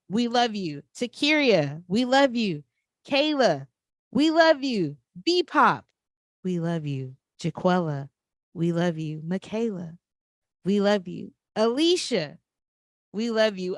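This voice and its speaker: A woman co-hosting a podcast, reading sponsor shout-outs in a playful, upbeat, sing-song way. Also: medium pitch, dry recording, studio quality. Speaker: podcast co-host.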